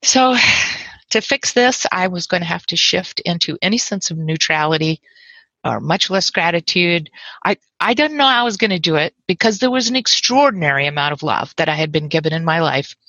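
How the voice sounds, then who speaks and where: A woman's voice: on the low side, expressive, normal speed, a bit bright, no echo, highs cut off. A woman telling a personal story in a reflective, wry way, lingering over lyrical lists of things she loves.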